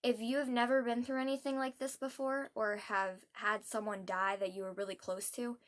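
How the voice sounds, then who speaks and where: A young adult woman vlogging heartfelt advice, earnest and soft-spoken, pausing often with hesitant ums. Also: on the high side, flat delivery.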